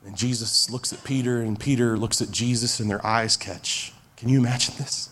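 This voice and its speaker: A man's voice: mid-range voice, fairly even intonation, normal speed, fairly bright tone, slight background noise. A man in his forties, a pastor preaching an earnest, emphatic sermon that repeats its key phrases. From Texas.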